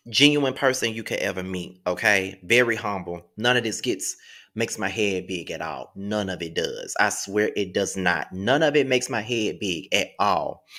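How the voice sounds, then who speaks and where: With a lowish voice and sharp tone, a YouTube show host in his thirties addresses his viewers emotionally. Nearly in tears, he thanks them over and over.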